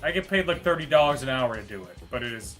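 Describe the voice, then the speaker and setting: A man's voice: mid-range voice, lively intonation, fast, fairly bright tone, faint music behind. A man hosting a live trivia show, reading out the answers with wry jokes and asides. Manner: joking, wry asides between quiz answers. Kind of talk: casual live-stream hosting.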